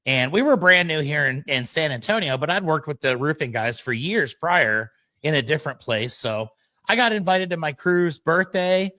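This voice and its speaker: A man hosting a podcast, telling a personal story at an unhurried pace. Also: on the high side, expressive, sharp tone, no room sound. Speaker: podcast host.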